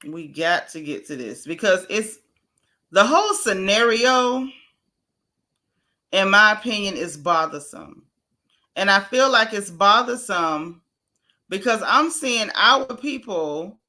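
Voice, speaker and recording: Woman, gossip-stream host, bright and punchy voice, chatty and emphatic, reads chat comments aloud. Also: mid-range voice. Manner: emphatic, repeats phrases. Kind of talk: casual livestream commentary.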